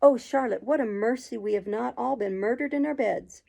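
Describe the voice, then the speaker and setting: A woman voicing a fretful, bossy undertaker's wife giving hurried orders, in a storybook reading. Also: on the high side, vocal fry, dark tone. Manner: fretful, commanding.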